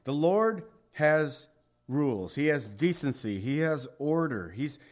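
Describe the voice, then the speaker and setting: A man with a voice pitched slightly above the usual, delivering a sermon in a relaxed, conversational way. He reads scripture in old-fashioned wording and slips in homespun asides and little jokes between the verses. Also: slow. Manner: conversational Bible teaching with folksy asides and jokes; reads scripture aloud in King James wording. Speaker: pastor.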